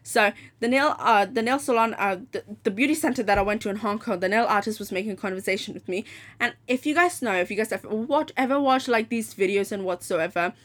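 A woman's voice: medium pitch, fairly quick, fairly bright tone. A woman hosting a podcast, telling a story in a casual rant, blunt and profane, and acting out the people she quotes. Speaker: podcast host.

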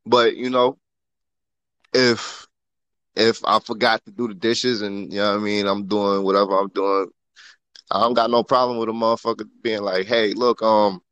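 A man talks in a loose, slangy, profane way during a casual chat. His voice is low, and it is recorded close with no room sound at all. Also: flat delivery, moderate pace, fairly bright tone, smooth, no echo, lo-fi sound. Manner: laid-back, slangy and profane, with lots of "you know what I mean".

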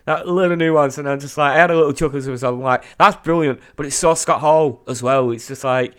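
A man co-hosting a casual podcast, excitable, laughing often and swearing freely. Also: mid-range voice, quick pace, clean tone. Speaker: podcast co-host.

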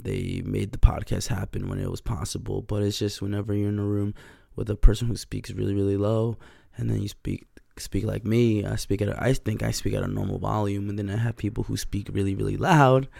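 A man's voice: lowish voice, vocal fry, mellow, no echo, studio quality. A young man hosting a casual solo podcast, congested, rambling with fillers and swearing into a podcast mic. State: stuffed up, congested. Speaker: podcast host.

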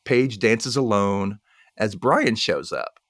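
Male podcast host, casual film recap, lively up-and-down delivery, dry close sound, quick to laugh. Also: lowish voice, no room sound. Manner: animated, laughs often, acts out quotes. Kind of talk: casual chat.

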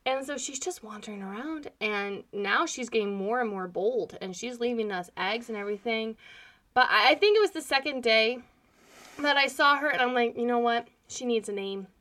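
A woman's voice: on the high side, normal speed, pushed and bright. A woman co-hosting a podcast, telling stories in a rambling, chatty way. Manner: chatty, rambling storyteller with frequent laughs. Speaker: podcast co-host. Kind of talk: casual chat.

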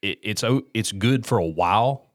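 A man hosting a casual podcast chat, chatty and quick to laugh. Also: lowish voice, expressive, no echo. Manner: chatty, laughs often, restarts sentences. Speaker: podcast host.

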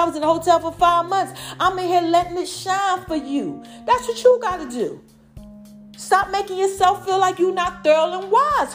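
A woman talks into her home podcast mic in a high, bright voice, her nose a little stuffy. She preaches motivation and faith in slangy, drawn-out phrases. Soft music plays faintly behind her. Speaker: podcast host. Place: at home, new house.

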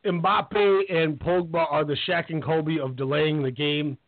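A man hosting a casual sports radio show, telling game stories with lively retellings and quoted voices. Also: fairly high pitch, unhurried. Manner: animated storyteller, acts out players with quoted voices. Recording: tinny phone-line sound.

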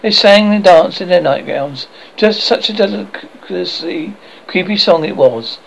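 A man reading a classic children's novel aloud as an audiobook narrator, expressive and lively. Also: sits high, unhurried, gravelly, a little hiss or hum, rough recording. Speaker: audiobook reader.

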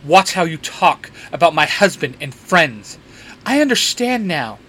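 A man's voice: fairly high pitch, very animated, unhurried, sharp tone, heavily acted. A man reading aloud and voicing a flamboyant, protective male warlock with a theatrical, teasing manner. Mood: indignant.

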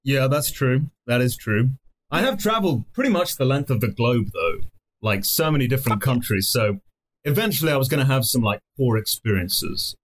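A man's voice: mid-range voice, sing-song, moderate pace. A young man from Mexico trades stories on a casual podcast and drops swear words into almost every sentence. His talk is loose and rambling, and his voice sits in an everyday middle range. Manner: swears constantly, rambling anecdotes.

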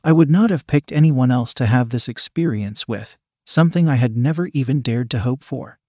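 A man narrating a first-person story in a quiet, even reading voice. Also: mid-range voice, normal speed, no echo, clean studio sound.

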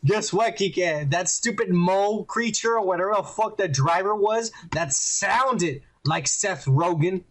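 A man's voice: high-pitched, a little slow, few pauses, fairly bright tone. A man hosting a podcast, ranting heatedly and swearing a lot while reviewing a show. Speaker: podcast host. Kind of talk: casual ranting review chat.

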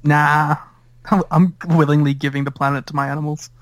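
A man hosting a wrestling podcast, easygoing and quick to laugh in casual banter. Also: fairly high pitch, level tone, no echo. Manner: giggly, easygoing. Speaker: podcast host.

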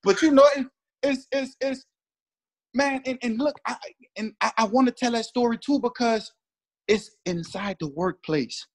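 A man's voice: very high voice, normal speed. A man in his thirties, a former pro football player, telling a heated story in slangy, emphatic casual talk and acting out what others said. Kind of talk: animated storytelling chat.

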